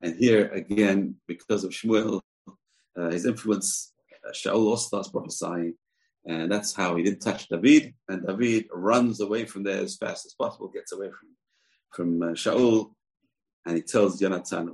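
A man teaching a religious lesson, retelling a scripture story in a loose, animated way and acting out the characters' quotes. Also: low-pitched, normal speed, low-quality recording.

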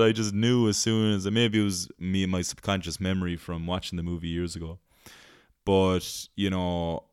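A man's voice: low-pitched, clean tone, dry recording, clean studio sound. A male podcast host rambling in casual chat, laughing easily and swearing freely.

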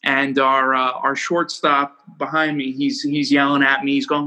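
A young man, a baseball pitcher, casually telling rambling, animated stories about his games and laughing at himself. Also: moderate pace, poor audio. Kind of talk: casual storytelling interview.

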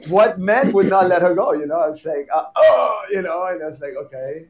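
Guy telling tango class stories, laughs a lot, kinda high voice, stumbles and repeats words. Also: brisk. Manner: animated storyteller, laughs often, repeats words. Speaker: tango teacher and guest. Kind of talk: casual chat.

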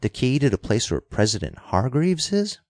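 A man's voice: mid-range voice, sing-song, moderate pace, a little mellow, no echo, studio quality, pitched above the performer's own voice, lightly acted. A man voicing a bold young male officer who gives urgent commands in the middle of a fight.

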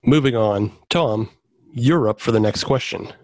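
A man's voice: medium pitch, a little slow, darkish tone, dry recording. Dry-voiced man hosting a trivia game. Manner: announces rules and rulings, laughs at the players. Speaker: quiz host.

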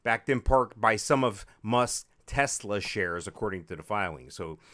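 A man's voice: on the low side, lively intonation, unhurried, sharp tone. A man co-hosting a casual podcast chat, joking and wry, rambling through restarts. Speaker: podcast co-host.

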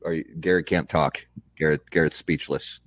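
A man with a very low voice hosts a casual chat. He sounds easygoing and relaxed, and he keeps things moving with short, agreeable affirmations. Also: moderate pace, no room sound, studio quality. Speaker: host.

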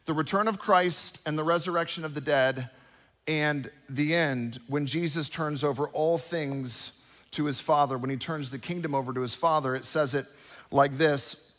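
High-voiced preacher in a reverberant hall. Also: male voice, moderate pace. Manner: animated storytelling, conversational asides to the congregation. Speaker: pastor. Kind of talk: sermon.

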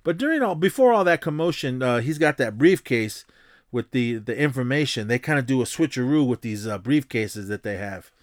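A man hosting a podcast, casually recapping a film in a rambling, halting way, with lots of fillers and restarts and the odd chuckle. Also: mid-range voice, expressive, dry recording, clean studio sound. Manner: chuckles while retelling. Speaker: podcast host.

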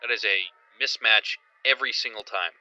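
A man co-hosting a sports podcast, talking in a rambling, excited way with lots of fillers. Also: on the low side, a little fast, lo-fi sound. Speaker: podcast co-host. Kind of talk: casual sports chat.

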